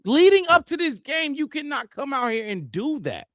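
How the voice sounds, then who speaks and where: A man's voice: extremely high pitch, sing-song, normal speed, a bit bright, dry recording, studio quality. A man co-hosting a sports podcast, blunt and profane, insisting on his point. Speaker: podcast co-host. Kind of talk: casual sports chat.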